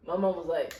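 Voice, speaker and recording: A woman telling a childhood story in casual chat, animated and laughing, acting out voices. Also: mid-range voice, slight background noise. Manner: animated, laughing, acts out voices in her stories. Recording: roomy echo.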